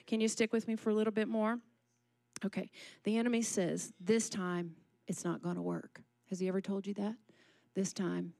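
A woman preaching, her voice sitting at an ordinary middle pitch. She keeps asking the congregation questions and calling for answers. The sound is dry and close, with little room echo. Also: a little mellow. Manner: engages the congregation with questions and call-and-response. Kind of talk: sermon. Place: church service.

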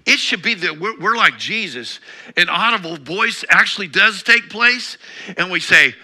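A man teaches his congregation in a relaxed, conversational sermon, reading out scripture and then talking it through. His voice is very bright and ringing, and his pitch rises and falls animatedly as he goes. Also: a little slow. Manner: conversational teaching with laughs and self-corrections. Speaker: pastor.

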